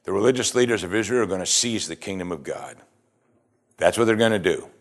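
A man gives an informal, chatty Bible teaching, retelling scripture conversationally and often posing rhetorical questions to listeners. His voice is low, with lively intonation and a quick pace.

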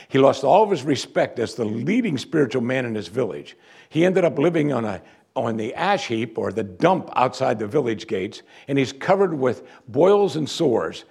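A man's voice: mid-range voice, vocal fry, darkish tone, breathy edge. A male pastor preaching a sermon in a church, emphatic and full of rhetorical questions.

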